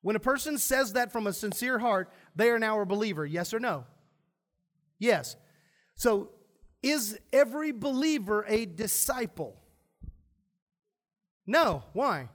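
A man's voice: high voice, a bit bright. A pastor preaching a sermon to his church, emphatic, asking the congregation questions and answering them himself.

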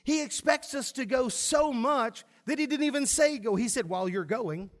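A high-pitched man preaches to his congregation in a church. He speaks with emphasis and keeps posing questions to the room, then answers them himself. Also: moderate pace. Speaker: pastor. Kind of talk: sermon.

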